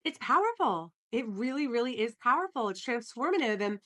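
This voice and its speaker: A woman's voice: on the high side, expressive, a little fast, a bit bright. Earnest woman hosting a solo podcast. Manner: earnest, enthusiastic storytelling with frequent fillers. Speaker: podcast host.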